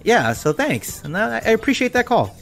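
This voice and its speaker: Animated rambling male co-host. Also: sits high, normal speed, creaky, faint music behind. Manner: rambling, repeats words, animated. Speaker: podcast co-host. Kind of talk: casual podcast banter.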